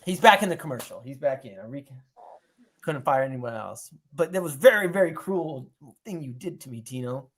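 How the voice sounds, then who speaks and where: Podcast co-host, male, animated storyteller who swears freely. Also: mid-range voice, moderate pace. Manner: animated storyteller, acts out quotes, swears a lot. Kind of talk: casual chat.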